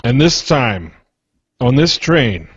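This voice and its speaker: This American man co-hosts a TV review podcast and has a Philadelphia accent, chatting casually in a reflective way while stammering and restarting. His mid-range voice is husky and sing-song, and his pace is slow. The sound is dull and lo-fi, with no echo.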